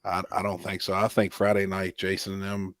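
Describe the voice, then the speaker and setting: A man's voice: sits low, completely flat delivery, a little fast, fairly bright tone. A man hosting a casual chat about racing, laid-back and drawling. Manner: laid-back, drawling, says "I think" often.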